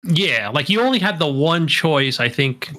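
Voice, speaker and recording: A man co-hosting a casual podcast, talking loosely and haltingly with many fillers. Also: fairly high pitch, lively intonation, bright, forceful tone. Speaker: podcast co-host. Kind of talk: casual chat.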